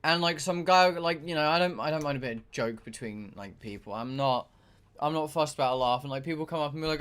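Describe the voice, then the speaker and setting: A man's voice: on the high side, fairly quick, a bit bright. A young man, chatting casually and ranting with exasperation while he streams a game. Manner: ranting, exasperated, swears a lot. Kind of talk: casual chat while gaming.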